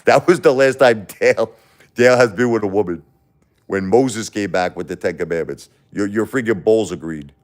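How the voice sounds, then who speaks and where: A man's voice: fairly low pitch, normal speed. Blunt New man ranting on livestream. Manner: blunt, repetitive, confrontational, addresses chat by name. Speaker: livestream host. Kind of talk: casual livestream rant to chat.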